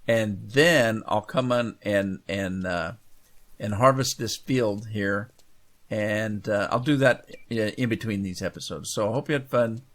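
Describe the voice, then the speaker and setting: A man's voice: lowish voice, unhurried. A man from Washington State with a slight Minnesota-tinged Northwest accent, rambling folksy commentary while playing a farming game. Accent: Pacific Northwest US with Minnesota traces. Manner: rambling, folksy, trails off quietly. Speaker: gaming channel host. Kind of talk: casual let's-play commentary.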